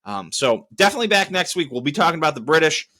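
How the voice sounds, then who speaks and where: Profane, animated male podcast host. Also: fast talker. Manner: profane, exasperated storytelling; lively, restless pitch swings. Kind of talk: solo podcast rant and sign-off.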